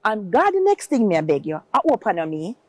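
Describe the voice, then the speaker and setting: Her pitch swings widely and her pace is quick in this dry recording. Appearing as a guest, she recounts an emotional story from her own life, voicing other people's lines herself and lifting her voice high for their words.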